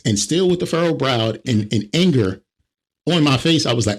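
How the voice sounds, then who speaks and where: A man co-hosting a comedy podcast, telling stories in an animated way and mimicking the people in them. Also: mid-range voice, brisk. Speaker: podcast co-host. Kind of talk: casual comedic chat.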